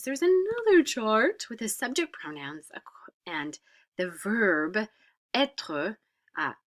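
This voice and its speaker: A woman's voice: medium pitch, a bit bright. A woman French teacher explaining grammar in a recorded lesson, patient, with frequent "uh" fillers and whispered examples.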